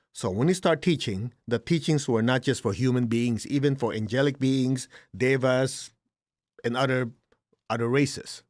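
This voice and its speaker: Middle-aged man, spiritual teacher, blunt and animated, mid-pitched voice, dry close sound. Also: no room sound. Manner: direct, animated, acts out complaining students. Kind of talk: informal spiritual lesson.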